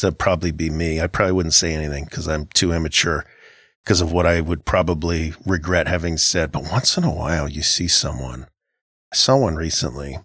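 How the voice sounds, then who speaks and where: A man's voice: sits low, fairly bright tone, no room sound, clean studio sound. A middle-aged man co-hosting a casual Christian podcast, talking in an earnest, reflective way with frequent halts and restarts. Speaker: podcast co-host.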